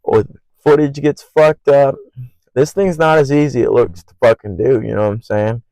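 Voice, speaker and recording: A young man hosting his own podcast alone, rambling in an earnest, profane way and naturally loud. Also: mid-range voice, steady tone, normal speed, no room sound, low-quality recording. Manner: loud by habit. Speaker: podcast host. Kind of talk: casual solo podcast monologue.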